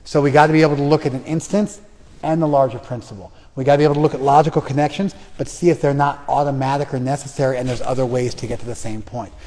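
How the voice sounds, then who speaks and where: A man's voice: mid-range voice, steady tone, fast, a little mellow. A man teaching a scripture class, quizzing students by name and teasing them bluntly when they hesitate. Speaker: Bhagavad Gita teacher. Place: class in a reverberant room. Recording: long room reverb.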